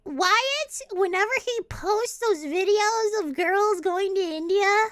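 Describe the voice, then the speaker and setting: A woman's voice: very high-pitched, slow pace, a bit bright, no room sound, studio quality. A young adult woman streaming a casual chat, rambling, swearing and breaking into giggles often. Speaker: VTuber streamer.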